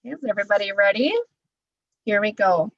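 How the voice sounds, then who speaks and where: A woman speech therapist teaching an online class, talking deliberately and encouragingly, her voice a little scratchy from talking. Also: medium pitch, dry recording, highs cut off. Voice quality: says she naturally has a quiet voice. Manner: deliberate, encouraging, demonstrates loud vocal drills. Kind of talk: webinar instruction with voice exercises.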